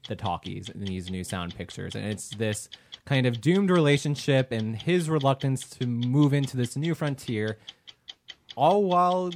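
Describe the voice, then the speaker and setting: A man's voice: medium pitch, unhurried, a little hiss or hum. A man co-hosting a casual movie podcast, laughing easily and rambling through a plot summary. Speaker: podcast co-host.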